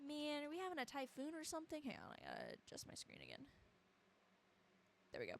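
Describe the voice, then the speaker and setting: Wry woman streamer, fairly high voice. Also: wildly swooping pitch, fast talker, vocal fry, slight background noise. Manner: wry, sarcastic asides. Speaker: let's play streamer. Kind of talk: casual game commentary.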